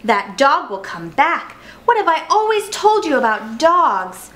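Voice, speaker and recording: Casting: bossy dad rabbit, sharp and scolding, voiced by a woman. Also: high-pitched, sing-song, unhurried, reverberant, pitched above the performer's own voice, exaggerated voice. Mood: stern. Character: father rabbit, stern and strict.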